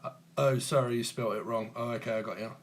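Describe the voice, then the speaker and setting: A man's voice: mid-range voice, fairly even intonation, fast. A man in his forties hosting a casual live stream on his phone, chatting with viewers in a teasing, jokey way and chuckling often. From England. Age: 40s. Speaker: tarot channel host.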